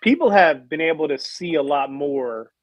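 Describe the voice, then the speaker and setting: A man's voice: fairly high pitch, expressive, moderate pace, dry recording. A man on a podcast, talking bluntly and emphatically in casual chat, swearing now and then. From raised by New Jersey people. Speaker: podcast co-host.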